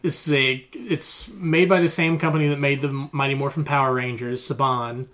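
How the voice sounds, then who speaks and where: A man's voice: medium pitch, fairly even intonation, moderate pace, fairly bright tone. A man co-hosting a casual podcast chat, explaining the backstory between laughs. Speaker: podcast co-host.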